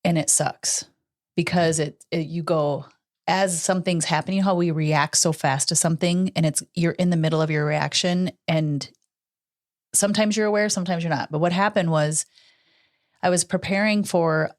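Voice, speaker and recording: A woman's voice: fairly low pitch, steady tone, moderate pace. A middle-aged woman co-hosting a podcast, telling a personal story earnestly in casual chat. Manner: earnest storytelling, acts out quoted dialogue. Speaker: podcast co-host.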